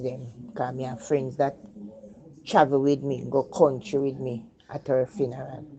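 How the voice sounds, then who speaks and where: An older woman from Jamaica with a Jamaican accent, telling a personal life story in patois in a reflective way, her voice dropping soft when she speaks of the dead. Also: deep voice, a little hiss or hum. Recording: dull lo-fi recording.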